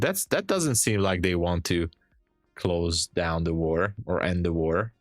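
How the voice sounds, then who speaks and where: A man's voice: sits low, expressive, a little slow, dry recording, studio quality, soft background music. A man hosting a day trading livestream, sleepy and rambling in a loose, chatty way. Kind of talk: casual live stream chat.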